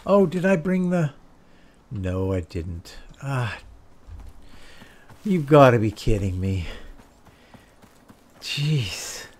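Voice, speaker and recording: A man's voice: medium pitch, sing-song, slow pace, long pauses, a little mellow. A man casually commenting on his own gameplay, chatty and self-deprecating, talking to himself as he goes. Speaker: gameplay streamer. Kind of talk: casual let's-play commentary.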